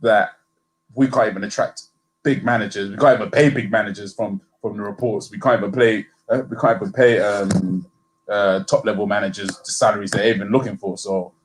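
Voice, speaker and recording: A man debating on a fan podcast, stumbling and repeating words as he builds his point. His voice sits at an ordinary pitch, with a faint hum behind it. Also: fairly even intonation, rough recording. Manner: halting, repeats words, reasoned. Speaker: fan show co-host.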